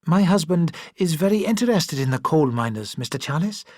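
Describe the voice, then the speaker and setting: A reader voicing a warm young wife in a novel, lifting the pitch for her lines. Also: animated, brisk, dry recording, clean studio sound, close to an everyday voice. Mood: eager. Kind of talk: audiobook character voice.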